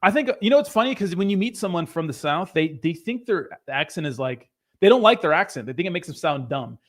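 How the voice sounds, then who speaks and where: A man's voice: high voice, lively intonation, fairly quick. A young man hosting a crypto livestream who reads out viewer comments in casual, rambling, profane chat.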